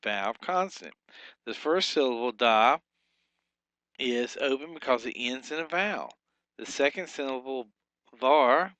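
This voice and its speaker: A man teaching a recorded lesson, explaining patiently with fillers and slowly drawn-out example sounds. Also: medium pitch, sharp tone, no echo.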